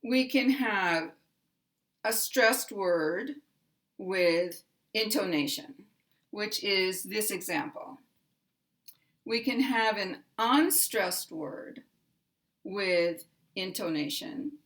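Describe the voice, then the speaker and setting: With a fairly bright tone at an ordinary middle pitch, an American woman gives a slow, careful pronunciation lesson. Each rule is laid out deliberately, and her example sentences come out clearly spoken.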